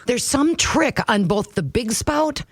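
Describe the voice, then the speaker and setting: A woman co-hosts a radio talk show with wry, self-deprecating humor. Her pitch swings widely as she talks, and the recording is close and dry with no room sound. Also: expressive, slow, husky, no room sound. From Minnesota. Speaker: radio co-host. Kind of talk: casual talk radio chat.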